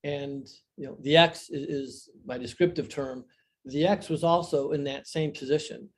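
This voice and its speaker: Older male guest on a video call, slightly high voice, earnest reflective storyteller. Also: fairly even intonation, moderate pace. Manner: earnest, reflective, emphatic on key phrases. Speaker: guest, divorce author and coach. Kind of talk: conversational interview storytelling.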